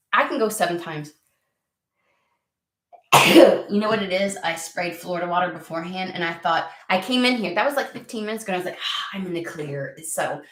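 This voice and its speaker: With a medium-pitched, fairly bright voice, this US tarot reader keeps up a rambling, casual chat. She gets sidetracked easily and curses occasionally, and the recording has an echoey room sound.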